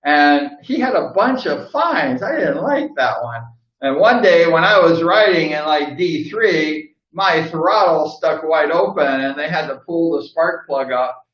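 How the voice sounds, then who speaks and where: Older guy rambling about the old days, kinda high voice, sounds far off in an echoey room. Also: animated, measured pace, fairly bright tone. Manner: rambling, laughing, acts out quoted people. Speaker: host. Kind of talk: casual storytelling monologue. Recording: roomy, distant, dull sound.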